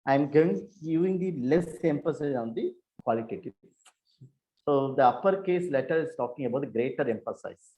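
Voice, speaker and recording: Halting man lecturing online. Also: on the high side, expressive, dark tone. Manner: halting, repetitive explaining with frequent self-corrections. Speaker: university lecturer. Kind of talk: online lecture on research methods.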